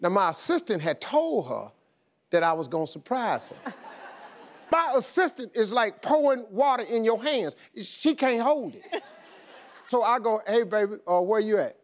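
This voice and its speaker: A middle-aged man, a talk show host, telling a comic story in an animated, laughing way. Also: very high voice, measured pace. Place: TV studio.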